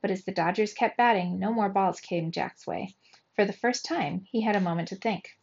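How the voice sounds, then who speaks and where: Lady reading a chapter book to kids, mid pitch, steady, kinda muffled lo-fi sound. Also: moderate pace. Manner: steady, clear reading with lively quoted shouts. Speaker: storybook reader for young children. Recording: dull lo-fi recording.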